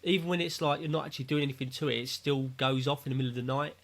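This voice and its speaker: Man, podcast co-host, casual rambling chat, gravelly fry. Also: mid-range voice, steady tone, very fast. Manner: rambling, self-mocking.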